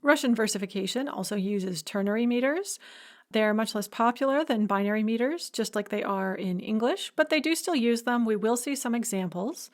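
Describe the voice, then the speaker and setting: A woman's voice: fairly high pitch, moderate pace. A woman giving a recorded lecture, explaining step by step with enthusiasm and humming rhythms to illustrate.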